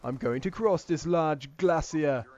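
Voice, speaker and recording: Brief: young man doing a British outdoorsman impression, deep, slow, muffled mic. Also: darkish tone, lightly acted. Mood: boastful. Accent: British, put on. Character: British TV survivalist man, deep gruff narrator.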